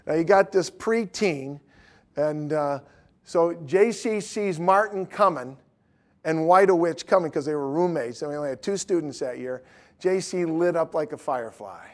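A man in his fifties teaching a class on evangelism, telling stories and pressing his listeners with emphatic questions. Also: fairly high pitch. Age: 50s. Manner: animated storytelling, rising to emphatic questions.

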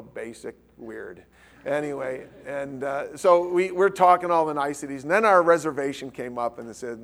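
A middle-aged man preaching to a live audience, telling a personal story and acting out the conversation with lively, quick quoted lines. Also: mid-range voice. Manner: animated, acts out quoted dialogue. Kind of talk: storytelling sermon.

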